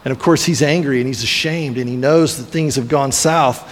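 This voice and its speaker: A pastor preaches a sermon, retelling a biblical story as a storyteller would and briefly acting out the voices of its characters. His voice is medium-pitched at a normal speed, with a little hiss or hum and the long reverb of a large hall.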